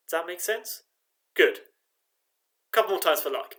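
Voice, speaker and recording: A man's voice: a little high, animated, moderate pace, background noise. A man leading an online choir rehearsal from his living room, chanting rhythm syllables, counting in and encouraging the singers. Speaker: choir director.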